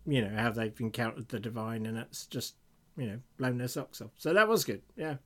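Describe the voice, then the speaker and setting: A man's voice: medium pitch, brisk, bright, forceful tone. A middle-aged British man co-hosting a podcast in casual chat, who laughs often and reads listener emails aloud. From Britain. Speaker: podcast co-host.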